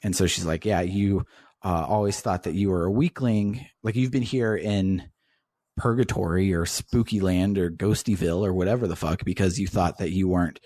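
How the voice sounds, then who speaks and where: A man's voice: low-pitched, moderate pace, warm tone, no room sound, studio quality. A man hosting a podcast, casually retelling a video game's story and swearing freely as he goes. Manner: swears casually while recounting the plot. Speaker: podcast host.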